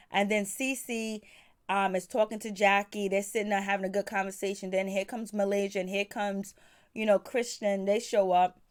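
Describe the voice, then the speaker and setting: Woman, host of a casual recap show; chatty and opinionated, mid-range voice. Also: medium pitch.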